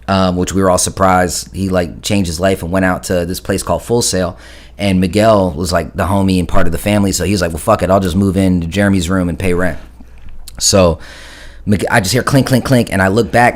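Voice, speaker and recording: A man in his thirties casually telling a long story, profane and rambling, often stopping to correct himself. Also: fairly low pitch.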